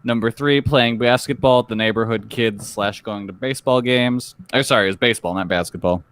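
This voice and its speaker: A man's voice: mid-range voice, a little fast, fairly bright tone, dry recording. A man co-hosting a podcast, easygoing, reading out list items and chatting. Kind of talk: casual chat.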